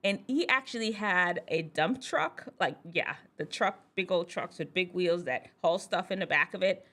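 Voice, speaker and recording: A woman physician with a lowish voice hosts a show for teens, telling a casual personal story at normal speed. She is animated and chatty and laughs often.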